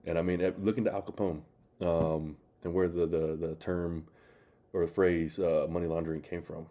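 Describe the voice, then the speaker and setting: A man's voice: low-pitched, little pitch movement, normal speed, warm tone. A man hosting his channel, rambling in casual commentary with many fillers. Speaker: channel host reacting to clips.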